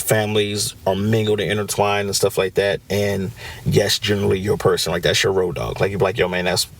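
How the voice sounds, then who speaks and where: A man hosting a podcast, talking casually on his own, often checking in with "right?" and acting out what friends say. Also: lowish voice. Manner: conversational, frequent "right?" check-ins, acts out quoted friends. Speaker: podcast host. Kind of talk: casual solo podcast talk.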